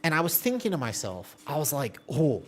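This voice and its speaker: A man's voice: a little high, huge pitch swings, a little fast, fairly bright tone. A man streaming a game, chatting casually with his viewers and answering their messages as he plays, often laughing and trailing off mid-sentence. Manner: chatty, reads and answers viewer chat while playing. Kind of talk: casual live-stream chat.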